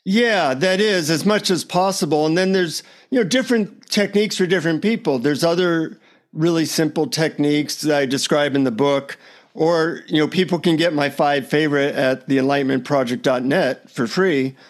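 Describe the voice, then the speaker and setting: A man, a podcast guest on a remote call, tells animated anecdotes in a casual way. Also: fairly high pitch, normal speed. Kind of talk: casual storytelling interview.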